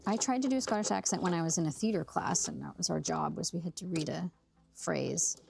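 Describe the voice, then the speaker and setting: A young woman hosts a sewing livestream from home, chatting with viewers and laughing easily as she works. Her voice sits low with a gravelly edge of fry. Soft music plays faintly in the background. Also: brisk. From Canada. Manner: chatty, laughs often, thinks aloud. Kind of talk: casual chat while sewing, reading viewer comments.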